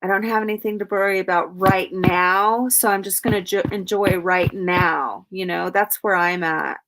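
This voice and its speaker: A woman's voice: medium pitch, fairly even intonation, normal speed, a bit bright. Woman livestream host, casual and profane, reads viewer comments aloud.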